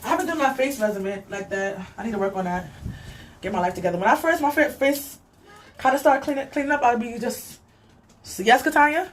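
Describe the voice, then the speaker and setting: A woman's voice: a little high, fairly quick, slight background noise. A young woman vlogging casually while she cleans, rambling and chatty, talking to a child off camera and reading comments aloud.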